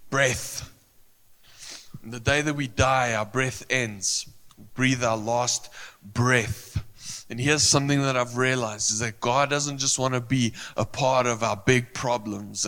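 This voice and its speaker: Male pastor, sermon delivery, unhurried and emphatic, crisp bright tone, long hall echo. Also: medium pitch. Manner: earnest, emphatic, repeats phrases, with searching pauses. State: emotional.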